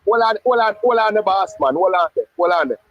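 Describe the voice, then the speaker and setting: A man with a Jamaican accent hosting a casual sports live stream, talking in an insistent, animated way. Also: high voice, quick pace, no echo. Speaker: sports show host. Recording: muffled dry lo-fi audio.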